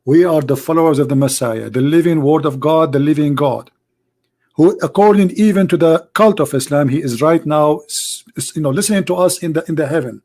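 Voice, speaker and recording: A man with a hoarse voice who debates religion in a sarcastic, mocking way in an online commentary video. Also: a little high, fairly quick, a little mellow.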